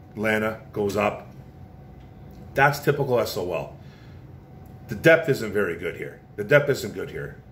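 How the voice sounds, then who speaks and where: A man hosting a casual football commentary show, blunt and opinionated, often repeating his points. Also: on the low side. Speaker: sports podcast host. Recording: roomy echo with faint noise.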